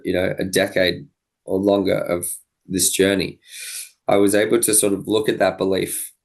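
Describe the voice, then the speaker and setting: Podcast guest, young man, low gravelly voice, earnest reflective storyteller. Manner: earnest, thoughtful, with frequent restarts and quoted dialogue.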